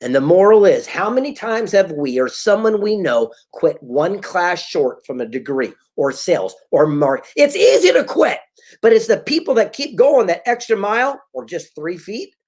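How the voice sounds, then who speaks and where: Middle-aged male motivational speaker, husky, very animated delivery, storyteller. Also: sits high, moderate pace. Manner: animated storyteller, acts out quoted dialogue. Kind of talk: motivational talk.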